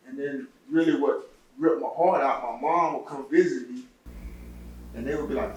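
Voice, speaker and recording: A man's voice: medium pitch, steady tone, a little mellow. Middle-aged man sharing his testimony, stumbling and repeating, recorded far off in a very roomy space. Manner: halting, repeats words, heartfelt. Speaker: interviewee giving testimony. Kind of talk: personal testimony interview. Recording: echoey room, distant mic, faint noise.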